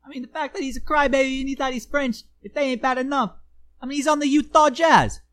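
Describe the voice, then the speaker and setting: A woman's voice: high voice, fairly even intonation, fast. A woman co-hosting a comedy podcast, trash-talking with brash, mocking, exaggerated outrage. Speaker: podcast co-host.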